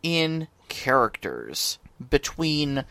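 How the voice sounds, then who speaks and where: A man's voice: fairly high pitch, wildly swooping pitch, extremely slow, creaky, bright, forceful tone, no echo. A man co-hosting a tabletop gaming podcast in casual chat, rambling with many restarts and fillers. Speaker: podcast co-host.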